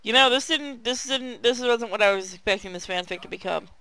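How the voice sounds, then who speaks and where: A man chiming in with quick wisecracks and swearing as a co-host reacts to a story. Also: extremely high pitch, sharp tone, clean tone. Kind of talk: casual comedic banter.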